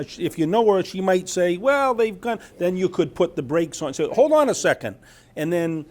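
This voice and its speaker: A man's voice: on the high side, a little mellow. A man giving an informal talk about scams, reading from a news article with chatty asides and frequent "right?" checks. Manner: chatty, asks "right?" often, trails off mid-sentence. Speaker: presenter at a scam awareness talk.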